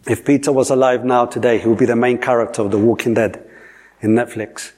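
A man preaches a sermon in a medium-pitched, level, slightly mellow voice at a brisk pace. He's emphatic and repetitive, echoing phrases for emphasis and posing questions to his listeners.

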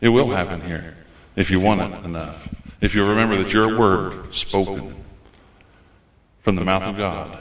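Speaking at a moderate pace in a voice that sits low, a visiting preacher from the United States leans into a fervent, folksy sermon and repeats his phrases for emphasis. The church hall where he speaks sounds roomy on the recording.

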